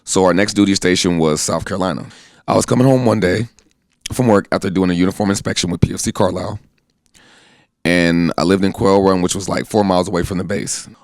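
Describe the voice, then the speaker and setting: Gravelly low-voiced man telling his story. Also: fairly even intonation, quick pace, no room sound, clean studio sound. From United States. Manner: earnest, plainspoken, acts out quoted voices. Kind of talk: personal account, conversational.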